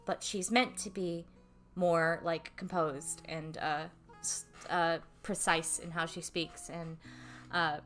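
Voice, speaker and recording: Bright-voiced woman, rambling stream chat. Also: fairly low pitch, steady tone, slow, faint music behind. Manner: rambling, self-deprecating, casual swearing, laughs often. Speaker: streamer and voice actor. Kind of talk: casual livestream chat.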